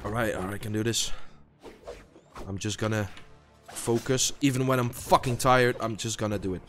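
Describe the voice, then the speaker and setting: A man's voice: fairly low pitch, steady tone, moderate pace, long pauses, faint music behind. A tired young man, a non-native English speaker, swearing and muttering to himself during gameplay commentary. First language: not English. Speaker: gaming YouTuber.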